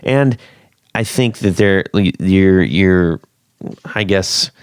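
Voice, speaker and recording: A man's voice: low-pitched, takes it slowly, clean tone, no echo, studio quality. A man hosting a casual podcast chat, laid-back and rambling with frequent restarts. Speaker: podcast host.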